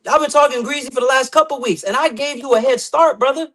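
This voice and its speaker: Brief: male guest with a very high voice, cocky smack talk, podcast banter. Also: quick pace, sharp tone. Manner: boastful, trash-talking. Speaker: guest competitor.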